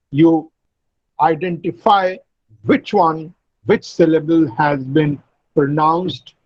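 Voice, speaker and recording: A man teaching English word stress in an online lecture, speaking deliberately and repeating each word to model it. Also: on the high side, no room sound, highs cut off. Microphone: computer mic on a video call.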